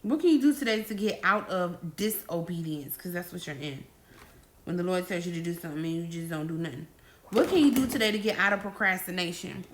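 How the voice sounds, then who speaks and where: A woman's voice: lowish voice, animated, brisk, slight background noise. A woman giving a casual faith-coaching talk, bold and playful, acting out little dialogues.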